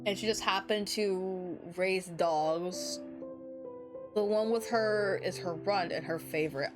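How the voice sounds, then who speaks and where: A young woman streaming a game, chatting casually in an excitable, giggly, swearing way, often over-the-top about what she reads. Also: medium pitch, slow pace, music in the background. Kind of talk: casual livestream chat.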